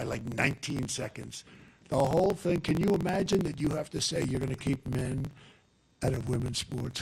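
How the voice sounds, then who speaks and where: At a podium microphone in an outdoor or large rally setting, an older political speaker rambles off on tangents and keeps repeating his points for emphasis. His voice is a little high, creaky and husky.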